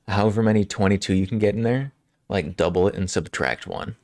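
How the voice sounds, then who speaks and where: A man streaming live, chatting casually with frequent chuckles and halting restarts as he rambles. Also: on the low side, a little mellow, no echo, clean studio sound.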